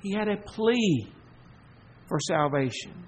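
A man with a Southern US accent preaching a sermon as pastor, emphatic, stretching key words and swinging between loud and soft. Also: sits high, lively intonation, slight background noise, rough recording. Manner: emphatic preaching, swelling and dropping in volume, slow stressed words.

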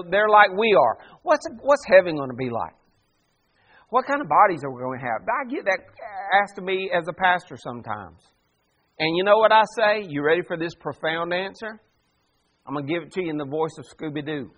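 A pastor preaching a sermon, animated and full of rhetorical questions to the congregation. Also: male voice, sits high, highs cut off.

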